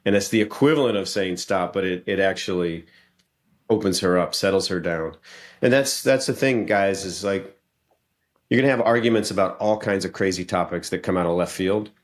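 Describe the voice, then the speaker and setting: A man's voice: low-pitched, moderate pace. A man talking earnestly in a casual podcast conversation, coaching men directly about relationships with frequent restarts.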